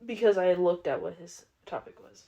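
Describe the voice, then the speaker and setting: A woman's voice: fairly low pitch, moderate pace, warm tone, highs cut off. A woman co-hosting a podcast in casual chat, teasing and laughing often. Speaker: podcast co-host.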